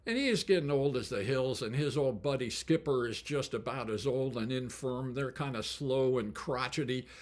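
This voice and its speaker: An older man, a musician and storyteller, speaks at medium pitch and a moderate pace with few pauses. He tells stories casually in a folksy way, chuckling often as he goes.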